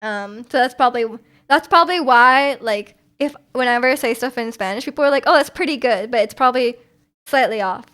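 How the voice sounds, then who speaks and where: Young woman streamer with a high voice and a slightly sore throat, rambling and chatty with viewers. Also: a little fast, fairly bright tone. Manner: chatty, rambling, frequent ums and restarts. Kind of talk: casual chat reading viewer comments.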